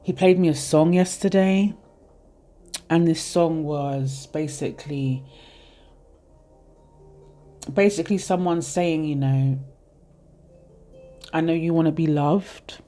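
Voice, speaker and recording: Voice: mid-range voice, measured pace, long pauses, warm tone, faint music behind. A tarot reader in their thirties giving a casual reading, rambling and heartfelt as they speak straight to the viewers. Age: 30s.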